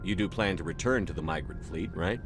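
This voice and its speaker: A man playing a steady human starship commander in a video game. His voice is low. He asks questions in a calm, measured way. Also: over music, close to an everyday voice.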